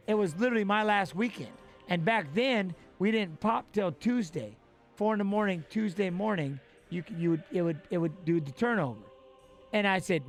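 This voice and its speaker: Excitable high-voiced man telling stories. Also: fairly quick, faint music behind. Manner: animated, profane, acts out quoted voices. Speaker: retired fighter telling a story. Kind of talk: casual storytelling.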